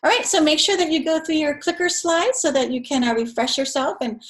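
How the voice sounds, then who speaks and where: A woman's voice: high voice, expressive, a little fast. A middle-aged woman giving a casual, chatty recorded lecture to her students over slides, with many fillers. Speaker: instructor.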